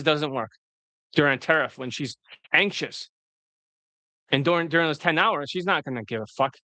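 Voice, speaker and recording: A man's voice: a little high, fairly bright tone, no room sound. A man working as a dating coach, giving a blunt, profane, rambling video lecture off the cuff.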